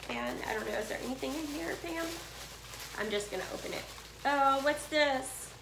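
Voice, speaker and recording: Gushing woman, high voice. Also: moderate pace, creaky, echoey room, background noise. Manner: gushing, excitable, talks to viewers as friends. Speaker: yarn swap vlogger. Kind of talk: casual unboxing chat. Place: cluttered room at home.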